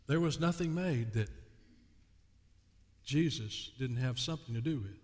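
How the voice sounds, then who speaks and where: A male pastor preaching a sermon, reading scripture aloud and dwelling on key words with slow emphasis. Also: medium pitch, expressive. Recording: long hall reverb.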